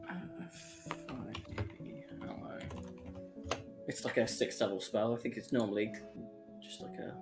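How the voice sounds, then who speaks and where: A man's voice: on the low side, fairly even intonation, measured pace, pauses often. A man with a Birmingham accent, a player in a tabletop game, chatting casually and reading rules with lots of fillers. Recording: music bed under voice.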